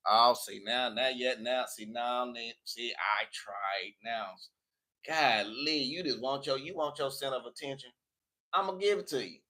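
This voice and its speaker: A man's voice: mid-range voice, moderate pace, pushed and bright. A man from Tennessee with a Southern accent, a tarot reader chatting live in a playful, preachy, scolding way. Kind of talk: live tarot reading chat.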